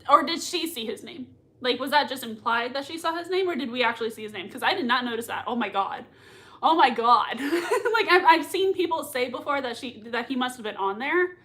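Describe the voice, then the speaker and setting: A woman's voice: high-pitched, a bit bright. A woman hosting a casual live reaction stream, reading viewer comments aloud and gushing over a TV episode with frequent laughter. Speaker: livestream host reacting to a TV episode.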